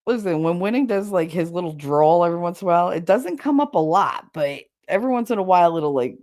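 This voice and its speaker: Low-voiced chatty woman livestreamer, thick American accent. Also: animated, fast talker, a little mellow, no echo, clean studio sound. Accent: thick regional American accent. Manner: chatty, swears casually, laughs often. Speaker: livestream host. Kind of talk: casual chat. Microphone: livestream setup.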